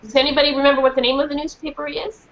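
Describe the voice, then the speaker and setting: A woman's voice: sits high, very fast. A woman reading a children's book aloud to students and then asking them questions. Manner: lively, questioning a class. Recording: dull lo-fi recording with faint hiss.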